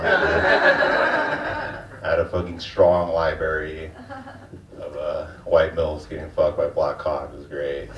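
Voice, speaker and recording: A man's voice: very deep voice, big pitch swings, slow pace, pauses often, fairly bright tone. A young man doing a stand-up set, with a laid-back, crude, slangy delivery. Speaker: stand-up comedian. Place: comedy club stage. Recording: dull, distant, echoey club recording.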